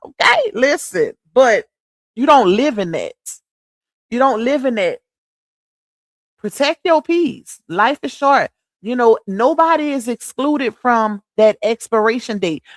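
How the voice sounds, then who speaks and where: A woman's voice: a little high, dry recording, studio quality. A woman hosting a casual livestream, chatty and preachy, talking straight to her viewers as "y'all.". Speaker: livestream host.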